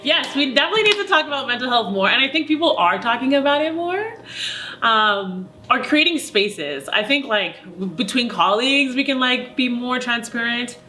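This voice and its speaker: A woman's voice: a little high, lively intonation, normal speed, pushed and bright. A young adult woman, an opera singer speaking openly in a documentary interview, with many "like" fillers. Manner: open and reflective, heavy use of "like" as a filler.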